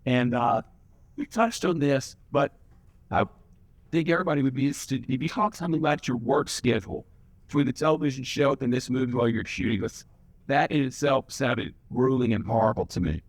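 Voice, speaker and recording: A man at a cinema Q&A asking the guest a long, halting question, with slow, careful phrasing. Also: mid-range voice, dry recording. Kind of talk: audience Q&A question. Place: cinema stage Q&A.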